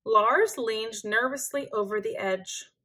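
A woman reads a children's picture book aloud, gentle and expressive like a storyteller. Her pitch is fairly high and she reads slowly.

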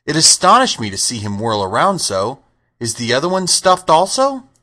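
A man voicing a big, timid male lion in an audiobook, speaking in a plaintive, high, loud voice. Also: big pitch swings, moderate pace. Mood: wondering. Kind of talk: audiobook character voice.

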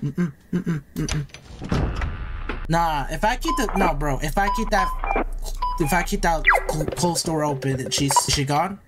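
A man's voice: on the high side, slow, over loud music. A young man giving nervous, repetitive commentary while playing a horror game, hyping himself up. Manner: nervous, repeats himself, hypes himself up. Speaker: gaming YouTuber.

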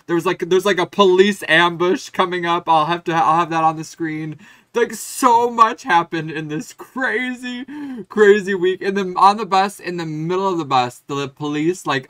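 A man's voice: fairly high pitch, sharp tone, no room sound. A man vlogging to his phone outdoors, rambling and profane, swinging between muttering and ranting. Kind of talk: casual vlog talk to camera. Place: outdoors on a city street. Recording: phone audio with traffic noise.

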